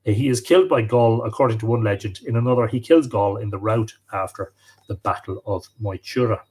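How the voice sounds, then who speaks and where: Husky man reading myth lore aloud. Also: fairly low pitch, fairly quick, a little mellow. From Ireland. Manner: reads passages aloud, breaks off for asides and rummaging for books. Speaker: host. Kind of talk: live-stream talk, reading aloud from books.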